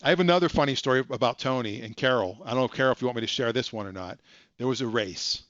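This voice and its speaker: Speaking fast in a medium pitch with a touch of brightness, this man tells a casual story on his home live stream, sprinkling in self-mocking jokes and chatty asides. The audio is muffled and dry, with no room sound.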